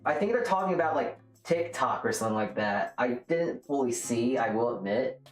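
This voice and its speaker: A woman's voice: rumbling low, animated, normal speed, soft background music. A woman streamer chatting casually and rambling, joking at her own expense while reacting to chat. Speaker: livestreamer. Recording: roomy echo.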